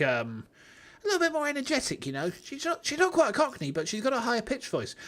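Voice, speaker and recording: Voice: mid-range voice, fairly bright tone. A streamer chatting casually and joking, swearing freely and laughing while playing a story game. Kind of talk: casual let's-play commentary.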